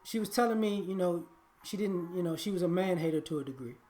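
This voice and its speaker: A man's voice: high-pitched, fast, darkish tone. A man giving a blunt, preachy monologue on relationships, often repeating and restarting his words. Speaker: relationship commentator.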